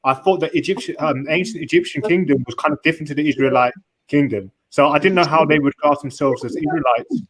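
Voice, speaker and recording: A man calling in for casual chat, halting and often repeating words while he searches for them. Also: a little high, fairly bright tone, rough recording. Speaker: caller.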